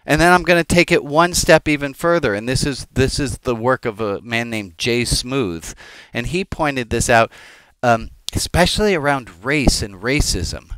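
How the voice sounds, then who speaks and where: A man's voice: medium pitch, normal speed, few pauses, a bit bright, clear, resonant tone. A man who is a rabbi gives an informal teaching sermon, talking conversationally with the congregation, wandering off on tangents and making jokes. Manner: conversational, digressive and joking, addressing the congregation.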